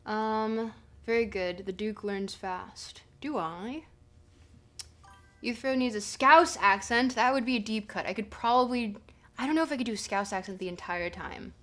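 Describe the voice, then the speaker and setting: A woman's voice: fairly high pitch, moderate pace, a bit bright. A young woman streaming live, chatting casually and joking as she reads her chat aloud.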